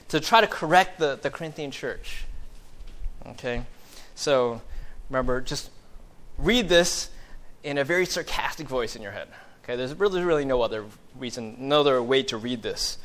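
A man's voice: medium pitch, fairly bright tone. A man, a pastor, giving a sermon in a conversational, joking way, with many fillers and restarts.

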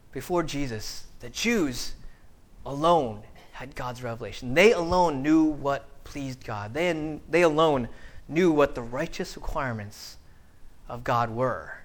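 A man preaching a sermon, acting out little scenes and dialogue, often restarting and repeating words, with big swings between loud and quiet. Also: mid-range voice, unhurried. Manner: animated, acts out dialogue with big swings in loudness.

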